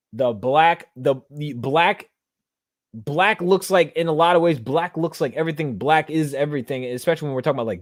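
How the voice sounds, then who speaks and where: A man hosting a solo podcast, talking earnestly and casually, often filling pauses with "you know what I'm saying.". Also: on the high side, no room sound, clean studio sound. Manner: earnest, conversational, full of fillers. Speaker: podcast host.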